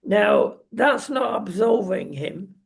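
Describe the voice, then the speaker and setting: Man, gravelly, husky, slow and sardonic commentary. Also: sits high, expressive. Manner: slow, emphatic, sardonic, with frequent ums. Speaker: political commentary show co-host. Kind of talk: opinionated casual commentary.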